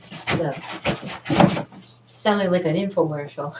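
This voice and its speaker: A woman's voice: mid-range voice, moderate pace, long pauses, noisy background. A woman painter chatting casually in her studio, rambling and laughing as she shows her work. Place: art studio indoors. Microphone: camera mic, moving around the room. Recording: roomy studio, voice from a distance.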